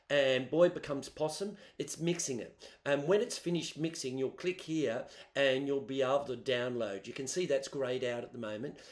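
A man teaching students, explaining music software step by step in a chatty way on a laptop microphone. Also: medium pitch. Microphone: built-in laptop microphone. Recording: roomy echo.

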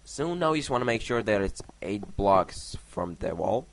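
A man's voice: fairly low pitch, sing-song, moderate pace. A young man telling a story while playing a game, rambling and swearing often. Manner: rambling, swears a lot, counts blocks under his breath. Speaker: gaming vlogger. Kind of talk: casual storytelling over gameplay. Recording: noisy home mic recording.

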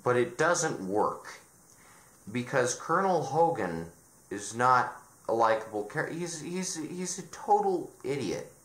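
This man's voice is mid-range and fairly bright, swinging widely in pitch as he speaks slowly. He's a video reviewer ranting sarcastically about a show, exasperated and restarting sentences, recorded with roomy echo.

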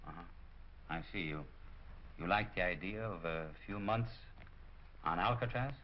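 An actor playing a curt, dismissive crook who runs a shady business, in 1940s film acting. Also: male voice, sits low, normal speed, slight background noise. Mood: sneering. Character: hard-nosed male crook running a shady business. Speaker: criminal boss. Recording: dull old film soundtrack.

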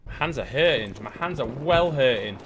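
A man's voice: mid-range voice, moderate pace, slight background noise. A man, commentating live on his own gameplay and cheering when he wins. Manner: excitable, counting aloud, cheering wins. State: out of breath. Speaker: game streamer. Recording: game gunfire and music in background.

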